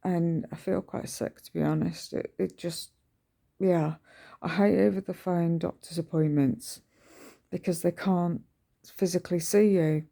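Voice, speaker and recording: Slow, gravelly middle-aged woman. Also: fairly low pitch, fairly even intonation, dark tone. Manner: rambling, chatty, with many ums and restarts. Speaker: vlogger. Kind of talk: casual early-morning vlog chat. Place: at home indoors.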